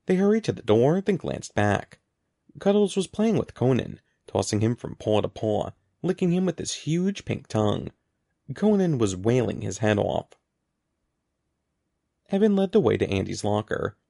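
Gravelly, animated storybook narrator, man. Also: mid-range voice, normal speed, no room sound, studio quality. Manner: lively, expressive reading. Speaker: audiobook narrator.

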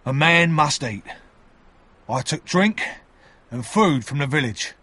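A man voicing a rough, desperate convict who speaks loudly and defiantly. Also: fairly high pitch, lively intonation, takes it slowly, no echo, voice pushed up, heavily acted. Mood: grave. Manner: loud, forceful and defiant. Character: rough desperate male convict, fierce and bitter.

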